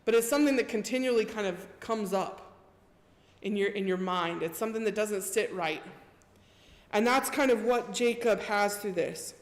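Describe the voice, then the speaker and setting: A woman's voice: mid-range voice, normal speed. A woman preacher giving a casual sermon, retelling scripture in a chatty storytelling way. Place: church. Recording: echoey church hall reverb.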